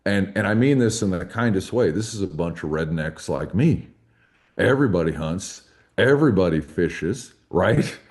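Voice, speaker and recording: A man's voice: deep voice, lively intonation, moderate pace, a little mellow. A man talking as a podcast guest and advocate for hunters, in a folksy, emphatic conversational way. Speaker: hunting rights advocate, guest.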